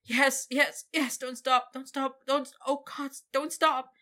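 A woman's voice: high-pitched, fairly even intonation, slow, sharp tone, pitched above the performer's own voice, exaggerated voice. A woman doing a pleading, breathless young man. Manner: urgent, begging, stammering.

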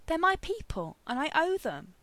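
A woman's voice: on the high side, very animated, normal speed, a bit bright, no room sound. Woman reading as a smug, teasing young man. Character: confident, smug young man, playful and pleading.

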